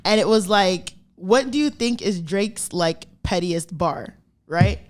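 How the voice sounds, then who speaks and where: Female podcast co-host, lively storyteller, casual and profane. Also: lowish voice, takes it slowly. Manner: animated storyteller, acts out quoted dialogue, swears casually. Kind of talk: casual chat.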